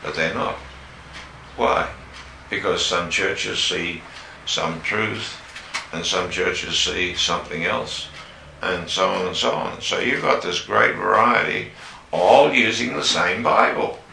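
A man preaching a sermon, slow and emphatic, pushing up on the key words. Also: sits low, gravelly, sharp tone, a little hiss or hum. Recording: echoey room with faint ambience.

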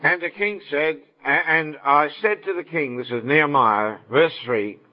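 A man preaching a sermon and telling a story, acting out the dialogue as he goes. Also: measured pace. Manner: storytelling, acts out dialogue with shifting pitch. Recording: dull lo-fi sound.

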